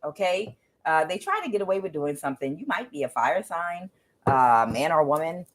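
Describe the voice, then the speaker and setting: A low-voiced woman tarot reader speaks at normal speed, with a little hiss or hum on the recording. Frank and profane, she tells viewers a personal story in an animated, casual way, often laughing and voicing the people involved.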